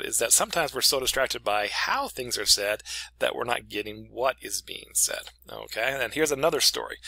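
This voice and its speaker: A man's voice: medium pitch, pushed and bright, dry recording, poor audio. A middle-aged man, an English professor, giving a chatty, casual lecture full of stories and "okay?" check-ins.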